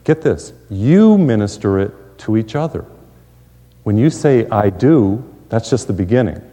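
Man, middle-aged, preacher, folksy storytelling sermon, mellow voice, long hall reverb. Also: fairly low pitch, very animated, a little slow. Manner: folksy storytelling with jokes and asides.

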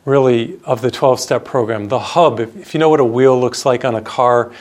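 A man's voice: mid-range voice, a little fast, darkish tone. A middle-aged man, a priest, preaching a radio sermon in an earnest storytelling way, repeating phrases for emphasis.

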